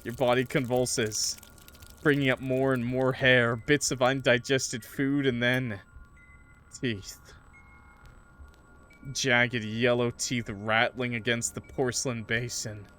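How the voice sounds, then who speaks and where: Man, gaming streamer, dramatic horror narration, casual joking asides, mid-pitched voice. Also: little pitch movement, slow, fairly bright tone. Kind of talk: reading a horror visual novel aloud with commentary.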